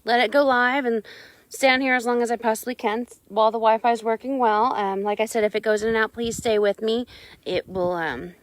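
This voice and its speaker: A woman's voice: a little high, a bit bright. A woman chatting casually on a live stream outdoors on her ranch, talking sweetly to her animals.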